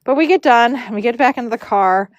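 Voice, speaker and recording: A woman's voice: on the high side, fast talker, dry recording, muffled recording. A woman telling a long, rambling story on a live stream, with many fillers and restarts.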